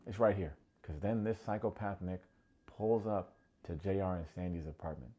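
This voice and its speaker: A man hosting a comedic TV recap, sarcastic and quick to mock. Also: breathy edge, dull audio. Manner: sarcastic, acts out quotes in high mocking voices. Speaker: recap show host.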